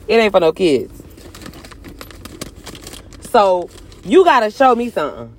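Young woman vlogger, chatty and profane, jumps between loud and hushed. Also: mid-range voice, unhurried, pauses often, slight background noise. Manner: animated, swings from loud bursts to hushed asides, cursing and joking. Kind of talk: casual chat to camera.

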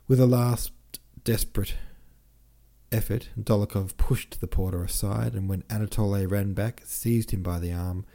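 A man narrates a classic novel for his podcast in a steady, measured manner. His voice is low and mellow, unhurried and even. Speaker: audiobook podcast host.

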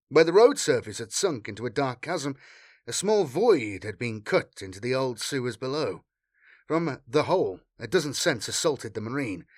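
A man narrating an action story with dramatic, expressive delivery. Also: mid-range voice, dry recording, studio quality. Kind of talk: audiobook narration.

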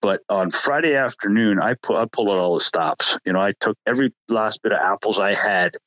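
Male host, lower register, relaxed rambling storyteller who keeps correcting himself. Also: brisk, no echo, rough recording. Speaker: podcast host telling a hunting story. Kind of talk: casual storytelling chat.

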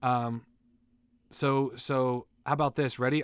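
A man hosting his own show, rambling through a loose comic monologue, laughing at his own jokes and saying he is high. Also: fairly even intonation, measured pace, clean tone, dry recording, clean studio sound. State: says he is high. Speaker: solo show host.

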